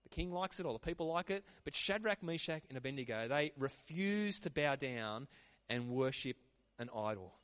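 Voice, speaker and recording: A man preaching a sermon in a lively, conversational way. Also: mid-range voice, normal speed, few pauses. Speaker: pastor.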